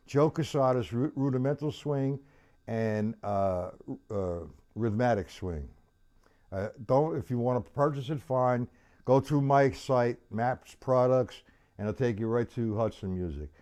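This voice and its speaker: A man's voice: mid-range voice, unhurried. A man teaching a live-streamed drum lesson, chatty and loose, counting beats aloud while he plays. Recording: loud drum kit playing behind voice. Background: drum kit playing.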